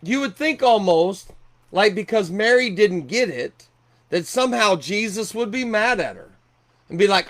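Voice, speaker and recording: A man's voice: high voice, animated, a little slow, fairly bright tone. A middle-aged man preaching a sermon earnestly, often repeating and restarting his words. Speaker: pastor.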